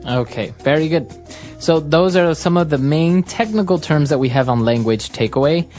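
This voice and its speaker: A woman's voice: low-pitched, expressive, normal speed, a little mellow, faint music behind. A woman hosting an English lesson podcast, explaining phrases steadily with frequent affirmations. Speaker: podcast host, English teacher.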